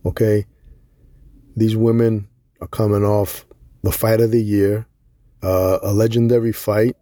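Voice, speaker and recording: A man's voice: on the low side, dark tone, no room sound, studio quality. A middle-aged Puerto Rican man giving a blunt, profane, emphatic opinion monologue on boxing. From Puerto Rico. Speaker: boxing commentator.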